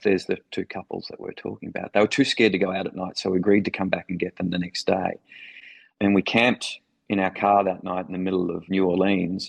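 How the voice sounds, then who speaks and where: Australian man, middle-aged, gravelly, husky, enthusiastic storyteller, interview guest. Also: low-pitched, poor audio. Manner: enthusiastic, vivid anecdotal storytelling. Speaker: former foreign correspondent, guest.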